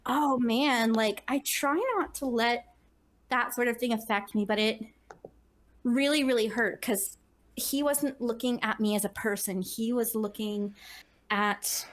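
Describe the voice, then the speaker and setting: A woman with a fairly high voice speaks candidly on a casual podcast panel. She is blunt and plain-spoken, and she does not soften her opinions. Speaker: cosplay panelist.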